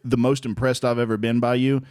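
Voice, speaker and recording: Animated swearing man telling stories. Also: medium pitch, brisk, clear, resonant tone, dry recording. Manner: animated storytelling, swears freely, laughs often. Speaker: aspiring comedian, co-host. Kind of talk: casual podcast chat.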